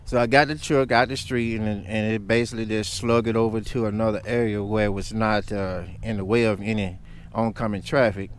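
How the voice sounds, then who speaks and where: A man's voice: fairly low pitch, fairly even intonation, fairly quick, a little hiss or hum. A man vlogging, telling a story in a heated, emphatic rant.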